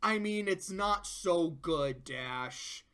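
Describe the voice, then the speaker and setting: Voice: medium pitch, animated, drawn-out words, sharp tone. A cartoon episode reviewer in casual video commentary, rambling with profanity and laughing asides.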